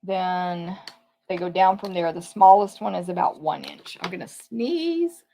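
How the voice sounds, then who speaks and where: A woman's voice: lowish voice, steady tone, measured pace, creaky, mellow, a little hiss or hum. A woman giving a casual live tour of papercraft products, chatty, thinking aloud and correcting herself as she goes. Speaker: papercraft demonstrator.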